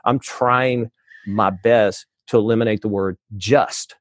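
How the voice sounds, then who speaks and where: A man chatting as a podcast guest in a rambling way, with many restarts and quick laughs. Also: lowish voice, fairly even intonation, dry recording. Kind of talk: casual conversation.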